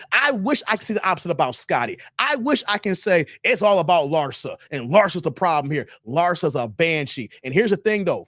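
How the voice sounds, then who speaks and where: A man's voice: sits high, a bit bright, no echo, clean studio sound. A man hosting an opinionated live-stream commentary. He is blunt and preachy and hammers the same points again and again. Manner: blunt, preachy, repeats himself. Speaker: YouTube commentary host.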